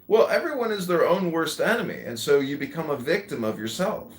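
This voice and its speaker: A man's voice: on the high side, lively intonation, a little fast, echoey room, slight background noise. A man teasing and mocking others in crude casual chat.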